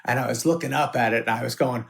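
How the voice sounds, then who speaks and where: A man in casual podcast chat tells stories with plenty of swearing. His voice is gravelly and sits at an ordinary pitch. He slips into the voices of people he quotes. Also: fast. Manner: animated, swears often, acts out voices in anecdotes. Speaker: guest.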